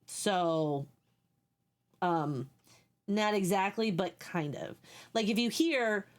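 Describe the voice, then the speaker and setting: A woman's voice: medium pitch, lively intonation, slow. A young woman streaming live, chatting casually with her viewers and explaining things at length while she reads their messages.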